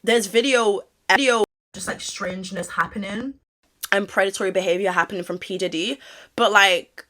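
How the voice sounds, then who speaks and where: A woman's voice: mid-range voice, fairly even intonation, moderate pace, bright, forceful tone. A woman, gossiping in a rambling, sassy commentary style with lots of fillers. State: out of breath. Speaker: commentary vlogger.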